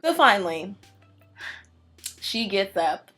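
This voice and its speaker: Young woman, casual storytime chat, expressive, acts out dialogue, faint music behind. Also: on the low side, normal speed. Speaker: vlogger.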